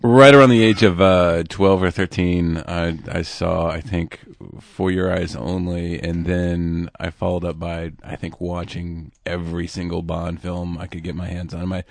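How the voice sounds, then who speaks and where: A man's voice: low-pitched, flat delivery, measured pace, creaky, hardly any pauses, dry recording. A man recalling things hesitantly with many fillers in a casual group commentary.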